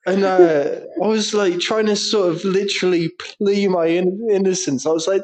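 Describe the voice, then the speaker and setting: A man's voice: sits high, fairly even intonation, normal speed, few pauses, a little mellow. Laughing, sweary man telling school stories. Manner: crude, sweary, laughing through his stories. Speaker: podcast co-host. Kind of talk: casual banter storytelling.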